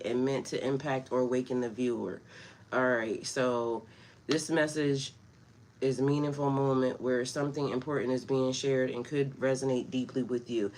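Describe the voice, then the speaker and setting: A woman's voice: a bass voice, steady tone, normal speed, slight background noise. A woman spiritual coach talking casually on a livestream, laughing often and greeting her viewers by name. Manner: loose, chatty storytelling.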